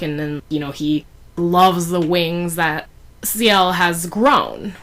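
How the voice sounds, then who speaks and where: A woman's voice: lowish voice, fairly bright tone. Chatty woman reviewer, casual recap, filler-heavy, giggly asides. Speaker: fan fiction reviewer.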